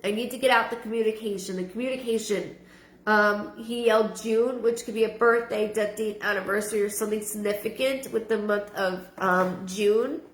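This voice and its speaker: A woman giving a live-streamed psychic reading, halting and repeating her words with frequent ums. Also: medium pitch, steady tone. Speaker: psychic medium. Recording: roomy echo.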